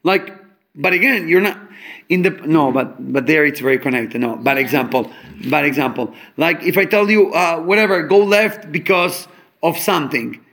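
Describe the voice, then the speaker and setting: Brief: male Torah teacher, high pitched, lively, homely examples, Hebrew terms sprinkled in. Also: moderate pace. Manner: animated, explains with homely examples; mixes English with Hebrew and Yiddish terms. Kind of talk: fabrengen talk on Chassidic teachings.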